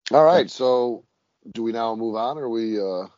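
A man's voice: medium pitch, unhurried, dry recording, highs cut off. A man co-hosting a podcast in loose, casual chat, swearing freely. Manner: loose and profane, lively swings in loudness. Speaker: podcast co-host.

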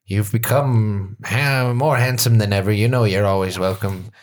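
A man's voice: on the low side, fairly even intonation, normal speed, lightly acted. A man voicing an elderly grandmother who gushes affectionately. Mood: doting. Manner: gushing, affectionate. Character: doting elderly grandmother, warm and fond.

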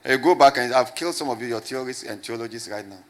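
A man's voice: mid-range voice, fast talker. Man preaching with call-and-response. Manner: call-and-response preaching, repeats questions to the crowd. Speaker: pastor. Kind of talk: sermon to a congregation.

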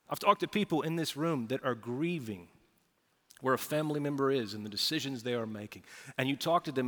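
Bright-voiced male pastor preaching live. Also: on the high side. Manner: animated preaching, acts out quoted dialogue. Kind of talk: sermon. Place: large church auditorium. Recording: live church hall reverb.

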